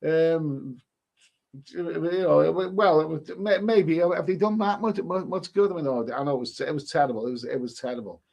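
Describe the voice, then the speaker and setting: A man's voice: fairly high pitch, moderate pace, vocal fry, darkish tone. A man hosting a casual live stream, reading viewer comments aloud and answering them with rambling, chuckling asides and many restarts.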